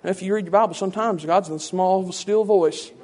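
Brief: high-voiced male preacher giving a conversational teaching sermon full of rhetorical asides. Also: fairly quick, darkish tone.

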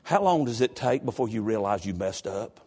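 A man preaching a sermon in a church, swinging from low, quiet talk to high, shouted passages. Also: lively intonation, moderate pace, slightly rough.

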